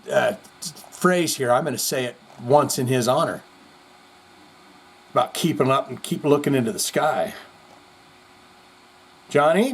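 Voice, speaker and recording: A male podcast host reading viewer comments in casual, rambling commentary, animated and profane, jumping between loud outbursts and mutters. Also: on the high side. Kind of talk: casual live-chat commentary.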